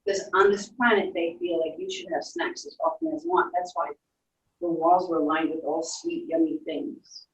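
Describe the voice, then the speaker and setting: A woman leading children through a guided imagination story, in a soft, playful storytelling way with little sound effects. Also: fairly low pitch, animated, normal speed. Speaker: instructor leading a guided visualization. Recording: echoey room, distant from mic.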